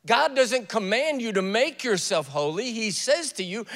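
Older male preacher, high animated voice, storytelling, joking asides, echoey hall. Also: unhurried. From US South. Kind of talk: sermon.

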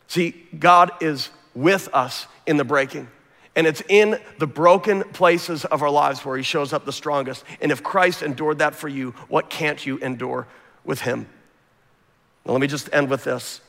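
Nasal-voiced pastor preaching in a big hall. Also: male voice, on the high side, measured pace, vocal fry, fairly bright tone. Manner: earnest, repeats phrases for emphasis. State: nasal from a cold. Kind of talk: sermon and closing prayer.

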